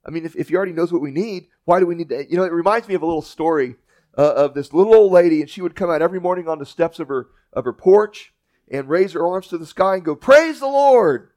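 A man preaching a sermon with a slightly high voice. He tells the story in a folksy, plainspoken way, often restarting phrases as he goes. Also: quick pace, a little mellow. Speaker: pastor.

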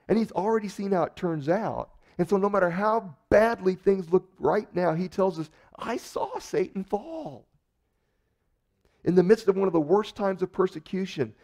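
Animated conversational male preacher. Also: on the high side. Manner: conversational, animated storytelling with acted-out quotes. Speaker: pastor. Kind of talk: sermon.

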